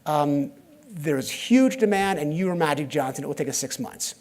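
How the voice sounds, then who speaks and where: A man's voice: a little high, expressive, normal speed, a little mellow. Wry middle-aged man giving a keynote. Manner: storytelling with acted dialogue, wry asides. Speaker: keynote speaker. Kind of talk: conference talk. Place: conference stage before a live audience.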